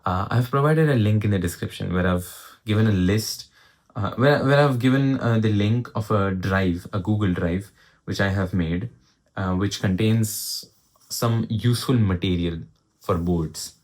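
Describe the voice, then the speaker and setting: A man's voice: on the low side, measured pace, darkish tone. A young man with an Indian accent giving casual study advice in a vlog. He talks urgently and keeps pressing the point, slipping Hindi into his English. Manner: urgent, exhorting, mixes Hindi into English, says "bro". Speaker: student advice vlogger.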